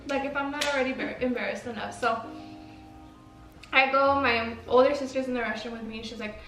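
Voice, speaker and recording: A woman with a higher, bright, sharp-edged voice tells a personal story in a loose, filler-heavy way, with frank and mildly crude wording. She sits a little back from the mic in an echoey room, with faint music under her voice. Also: steady tone, fairly quick, far from the mic. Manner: chatty, filler-heavy, frank with mild swearing. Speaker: vlogger. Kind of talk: casual storytime.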